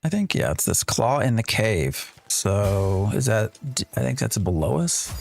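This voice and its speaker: A man's voice: on the low side, very animated, measured pace, gravelly, darkish tone. A man streaming a game live, chatting and thinking aloud as he plays and answering his chat. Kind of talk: live gameplay commentary.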